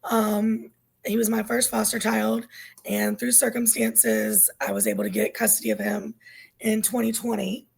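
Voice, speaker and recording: Gravelly, husky woman losing her voice. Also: fairly high pitch, moderate pace, rough recording. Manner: earnest, animated storytelling. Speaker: guest. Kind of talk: candid personal interview.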